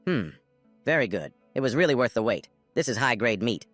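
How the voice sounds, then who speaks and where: A man's voice: mid-range voice, sing-song, brisk, fairly bright tone, dry recording, faint music behind. Man doing a preachy meat-obsessed chef. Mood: praising. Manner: grand, preaching.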